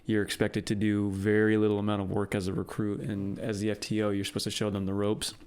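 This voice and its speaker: A man co-hosting a podcast in casual chat, explaining things in a relaxed way and teasing his partner. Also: on the low side, quick pace. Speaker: podcast co-host, police officer.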